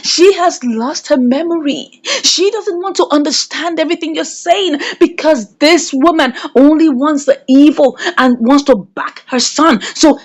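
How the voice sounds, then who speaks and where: A woman's voice: sits high, a little slow. A woman voicing an outspoken female friend who scolds bluntly. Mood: scolding.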